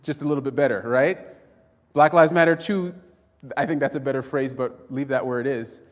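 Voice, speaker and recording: A man's voice: medium pitch, steady tone, fast. Man preaching in an echoing church. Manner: storytelling, acts out quoted voices, addresses congregation as friends. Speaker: pastor. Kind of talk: sermon. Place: church sanctuary. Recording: long reverb in a church hall.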